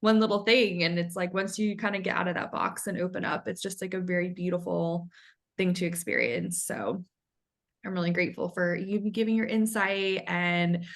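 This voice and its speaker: Female podcast host, slightly low and gravelly, upbeat and affirming. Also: normal speed. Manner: warmly affirming, chatty. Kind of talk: casual podcast interview.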